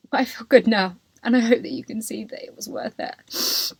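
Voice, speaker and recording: A woman's voice: on the high side, steady tone, normal speed, husky, dry recording. Candid woman telling her story. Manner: candid and emotional, heavy use of "like" and "you know". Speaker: podcast host. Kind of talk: personal storytelling.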